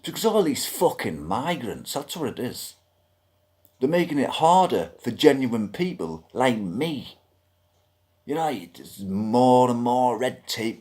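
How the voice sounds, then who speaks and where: A man's voice: medium pitch, darkish tone. A man with a British accent ranting bluntly to camera, griping and swearing freely. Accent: British English. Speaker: vlogger. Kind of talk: ranting monologue.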